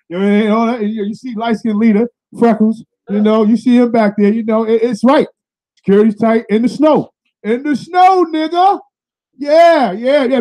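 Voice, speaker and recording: A man's voice: high-pitched, dark tone. A young man from Massachusetts hosting a casual talk show, speaking in a loose, profane, rambling way. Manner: loose, profane, repetitive with "you know what I mean". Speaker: show host. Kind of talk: casual streetwise monologue.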